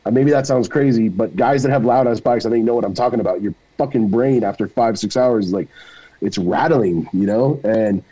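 A middle-aged man talks as a guest on a casual podcast. His voice is dark and mellow, and he rambles through loose, profane stories. He drops jokes and swears freely. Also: mid-range voice, low-quality recording. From Mexican-American. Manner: profane, joking, drawn-out storytelling.

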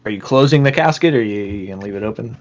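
A man's voice: lowish voice, lively intonation, racing, dull audio. A man narrating as game master of a tabletop game, loose and full of fillers.

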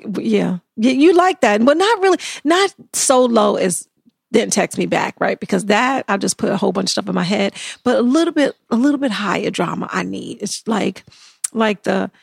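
A middle-aged American woman hosting a podcast in casual, animated chat, laughing often and acting out quotes. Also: mid-range voice, normal speed, creaky, slightly rough, no room sound, clean studio sound. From United States. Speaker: podcast host.

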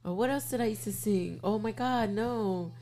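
Female co-host, casual profane banter, quick to tease. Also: medium pitch, mellow. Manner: teasing, profane, laughs a lot. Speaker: reaction video co-host. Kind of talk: casual chat.

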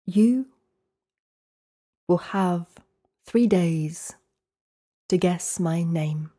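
A sly little imp insisting on a kept promise, as a woman storyteller puts him on. He speaks low and unhurried, dragging out each word with cold certainty. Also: dark tone. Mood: scheming. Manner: slow, deliberate and coldly insistent. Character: sly little male imp holding a bargain.

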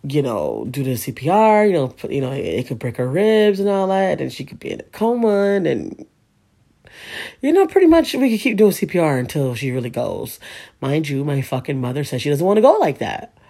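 A woman's voice: low-pitched, very animated, normal speed, warm tone. A woman in her thirties telling a personal story in an emotional, rambling way, swearing often and filling her speech with asides. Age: 30s. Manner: emotional, profane, rambling with many fillers. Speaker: vlogger.

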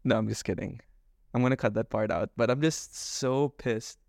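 Male podcast co-host, worked-up fast rant, dry close mic. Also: medium pitch, vocal fry, a little mellow, no room sound. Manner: agitated, fast ranting with quoted exchanges.

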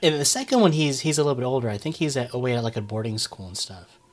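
A man's voice: medium pitch, very animated, fast talker. A man in casual chat, listening easily and laughing along.

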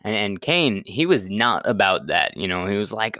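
A man's voice: fairly low pitch, sing-song, normal speed, hardly any pauses, sharp tone, dry recording, clean studio sound. A young man casually retelling a Bible story in a laid-back, slangy way, full of fillers and restarts.

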